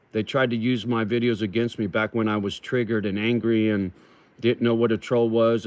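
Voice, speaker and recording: A middle-aged man hosting a casual livestream, reading viewers' comments aloud slowly and answering them in a rough, swearing manner, calling them brother. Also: mid-range voice, no room sound. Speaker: livestream host reading chat.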